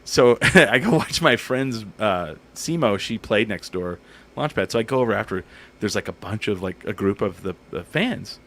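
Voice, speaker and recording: A man hosting a casual comedy talk show, telling an animated story and acting out what people said. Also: on the low side, moderate pace, slight background noise. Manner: animated storyteller, acts out quotes. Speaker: podcast host and comedian.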